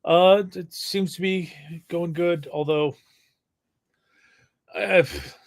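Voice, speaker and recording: A man in casual chat about his writing, halting with many restarts. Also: sits high, fairly even intonation, creaky. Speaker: writer guest.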